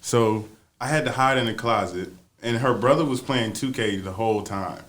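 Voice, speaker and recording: A man co-hosting a casual podcast, telling a story to his friends. He acts out every quoted line and breaks into laughter often. His voice sits in an ordinary middle pitch. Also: normal speed, a bit bright. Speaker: podcast co-host.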